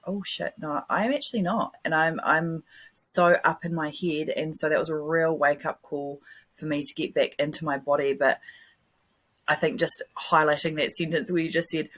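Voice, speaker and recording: A woman's voice: deep voice, level tone, normal speed, fairly bright tone. A woman hosting a podcast interview, chatty and rambling, laughing often. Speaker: podcast host. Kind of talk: casual interview chat.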